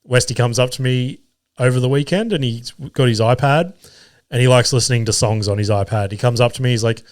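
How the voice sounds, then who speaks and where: A man's voice: mid-range voice, brisk, dry recording, clean studio sound. Sweary man telling stories. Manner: swears freely, laughs at his own stories. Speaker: comedian and podcast host. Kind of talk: casual solo podcast storytelling.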